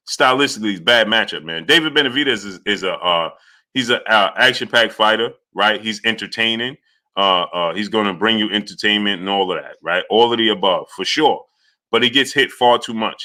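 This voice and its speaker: A man hosting a casual boxing livestream, greeting viewers by name and talking through the fight with many fillers. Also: medium pitch. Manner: shouts out chat names, lots of fillers.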